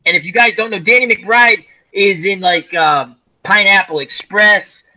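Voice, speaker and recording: A man's voice: sits high, a little slow, rough recording. A man co-hosting a casual chat show, rambling through stories about movies. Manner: rambling, animated storyteller. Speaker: co-host.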